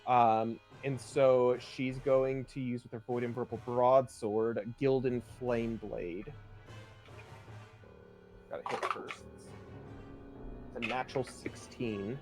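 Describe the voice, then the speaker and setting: A man's voice: medium pitch, steady tone, takes it slowly, long pauses, music in the background. A man playing a tabletop game, thinking aloud about rules and rolls in hesitant casual chat.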